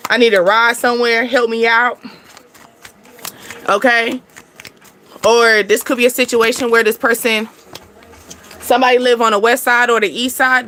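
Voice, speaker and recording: A woman doing a casual tarot reading, chatty and animated, breaking into laughter as she tells stories. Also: a little high, a little hiss or hum. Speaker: tarot reader.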